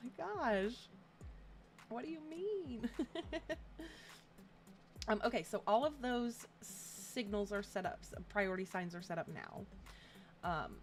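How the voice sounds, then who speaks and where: A woman from Atlanta with a Southern accent, chatting casually as a live-stream host, laughing often between phrases. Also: medium pitch. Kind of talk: casual live-stream chat while gaming.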